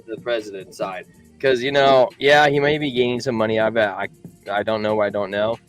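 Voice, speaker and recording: A man's voice: lowish voice, steady tone, a little fast, over music, low-quality recording. A man co-hosting a live crypto show, chatting casually with a joking, chuckling manner and reading out news items. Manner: joking, chuckling, repeats himself. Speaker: co-host of a crypto livestream.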